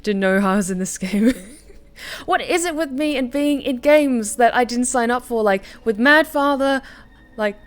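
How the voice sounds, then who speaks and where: A woman streamer, chatty and excitable, reading a story game aloud and chatting with her viewers. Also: fairly high pitch, normal speed. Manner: chatty, excitable, many fillers and asides.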